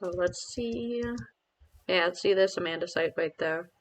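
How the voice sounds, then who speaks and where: A man's voice: high-pitched, measured pace, a little hiss or hum, rough recording. Chatty self-mocking man streaming a game. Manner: rambling, self-deprecating, chatty with viewers. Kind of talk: casual live-stream commentary.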